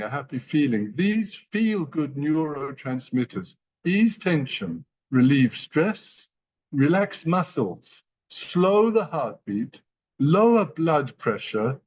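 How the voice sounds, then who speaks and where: A man's voice: on the high side, a little mellow, slightly rough. A man giving a motivational training talk to company partners, emphatic and repeating key phrases. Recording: dull lo-fi sound.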